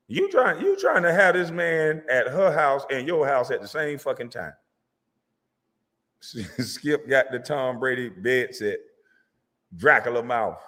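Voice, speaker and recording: A man delivering a profane, mocking comedic rant as a vlogger, sometimes breaking into shouts. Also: medium pitch, big-room sound. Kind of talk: comedic rant reacting to sports media.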